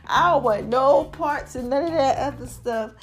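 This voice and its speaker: A woman's voice: high voice, moderate pace, faint music behind. A woman hosting a casual podcast monologue, chatty and laughing often as she talks straight to her listeners. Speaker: podcast host.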